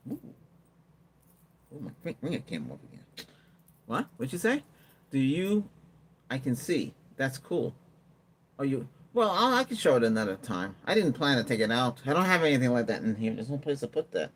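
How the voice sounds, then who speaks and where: Chatty man with a lively voice. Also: medium pitch, normal speed, long pauses, husky. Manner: rambling, chatty, answers viewer comments, laughs often. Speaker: livestream host. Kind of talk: casual livestream chat.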